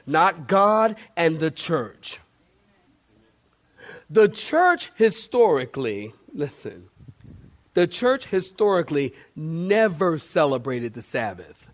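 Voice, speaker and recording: A man preaching a sermon as pastor in a church, animated and talking straight to the congregation, sometimes acting out shouts. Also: on the high side.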